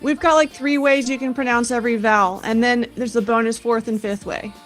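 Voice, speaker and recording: A woman co-hosting a live trading stream, explaining things in a relaxed, matter-of-fact way and teasing her co-host now and then. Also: a little high, brisk, soft background music. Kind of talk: casual live-stream chat.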